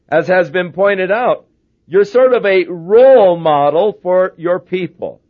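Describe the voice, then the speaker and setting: Brief: male pastor, slightly high voice, anecdotal humorous sermon, dull lo-fi recording. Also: expressive, slow.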